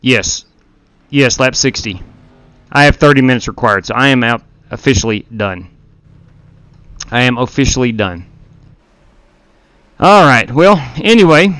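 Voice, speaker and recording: A man's voice: mid-range voice, unhurried, pauses often, a bit bright, clear, resonant tone, no echo. A man hosting a live sim-racing stream, casually commenting on replays and frankly owning his own mistakes. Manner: candid, self-blaming, talks as he rewinds replays. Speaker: stream host and league race director.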